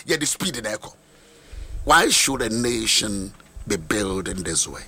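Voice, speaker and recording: A man with a Ghanaian accent preaching a sermon with passion, swinging between chanted lines and shouts. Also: fairly low pitch, big pitch swings, slow, slightly rough, dry recording. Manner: impassioned, switching between Twi and English, sing-song shouting.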